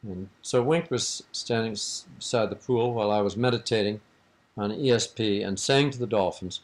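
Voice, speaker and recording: On an archival tape, an older man with a lowish voice is being interviewed and speaks at a normal speed. He tells a long, rambling anecdote in an amused tone, breaking into laughter along the way.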